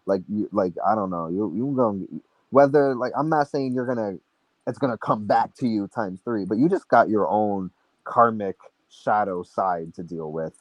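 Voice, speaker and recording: A man's voice: on the low side, a little mellow, dry recording, muffled recording. A young man co-hosting a casual chat, rambling and chatty with many restarts. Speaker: podcast co-host.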